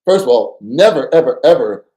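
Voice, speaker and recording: A man's voice: medium pitch, moderate pace, rough recording. A man telling a story as a guest in a podcast interview, in casual slang. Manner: animated storyteller, acts out voices, casual slang. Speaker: former undercover agent, guest.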